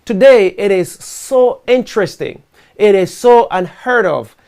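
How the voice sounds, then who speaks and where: A man's voice: high-pitched, animated, a little slow, vocal fry, darkish tone, clean tone. A man hosting a live online talk show, speaking earnestly and emphatically, building his points with rhetorical questions. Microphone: video call setup.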